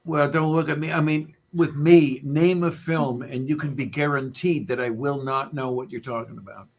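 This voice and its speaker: A laid-back man chimes in with short comments during a casual podcast chat. His voice sits slightly high for a man. The audio is muffled and lo-fi. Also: steady tone, moderate pace.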